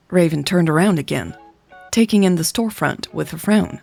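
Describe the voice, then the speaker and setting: A woman who hosts a podcast, reading a romance story aloud in a calm, even way. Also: lowish voice, normal speed, vocal fry, faint music behind. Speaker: podcast host and narrator.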